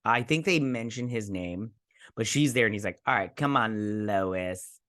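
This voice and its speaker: A man's voice: fairly low pitch, measured pace, a bit bright. A young man from Michigan casually recapping a TV episode, rambling and acting out characters' lines as he goes. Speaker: host.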